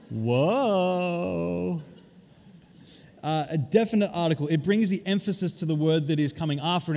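A man preaching a sermon as pastor, stressing key words and drawing them out slowly. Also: fairly high pitch, darkish tone. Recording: long reverb of a large hall.

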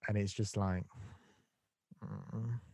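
A man's voice: lowish voice, brisk, a little mellow, no echo, studio quality. A man co-hosting a podcast, giving blunt, opinionated film takes in casual chat and mimicking voices when he quotes. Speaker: podcast co-host.

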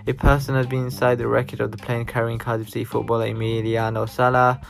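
Gravelly-voiced man, casual news reaction, halting read with sighs, faint guitar behind. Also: mid-range voice, flat delivery. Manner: reads aloud haltingly with sighing asides. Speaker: commentator reading news.

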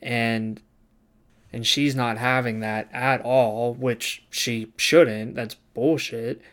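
A man's voice: medium pitch, fairly even intonation, takes it slowly, a bit bright. A young man, a barber student, telling a story casually and acting out the people he quotes, swearing now and then.

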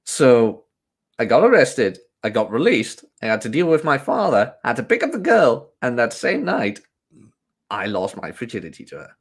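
Guy on a podcast, bouncy sing-song pitch, crude laid-back chat. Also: huge pitch swings, moderate pace, slightly rough. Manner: laughs often, puts on high voices when quoting women. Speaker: podcast co-host.

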